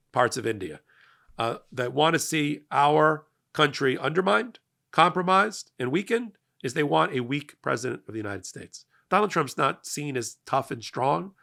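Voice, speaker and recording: Middle-aged male host, gravelly and bright-toned, emphatic and energetic political commentary. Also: fairly high pitch. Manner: emphatic, energetic, rising to loud peaks. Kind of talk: passionate political monologue.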